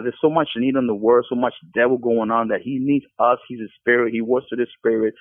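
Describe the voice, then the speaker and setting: As a podcast guest, a man gives an earnest Christian testimony with frequent stumbling restarts. His mid-range voice holds a steady tone, a little fast with few pauses, in a dry recording over a tinny phone line.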